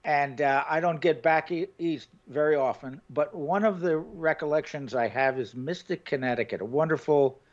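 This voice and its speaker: A man's voice: a little high, normal speed, few pauses, highs cut off. A male host from the New York area, chatting with his guest in a friendly way with hesitant fillers over a video call. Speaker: show host. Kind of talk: casual interview chat.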